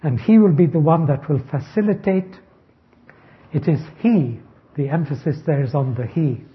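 A man preaching an expository sermon, speaking slowly and deliberately and stressing key words. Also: a little high, lively intonation. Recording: dull lo-fi recording.

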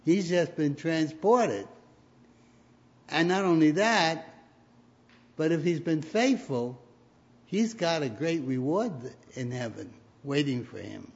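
A male preacher delivers a sermon at an unhurried, measured pace, building to emphatic points. His voice sits a little high for a man. The recording is dull and lo-fi. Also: lively intonation, vocal fry. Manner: storytelling, rising to emphatic peaks.

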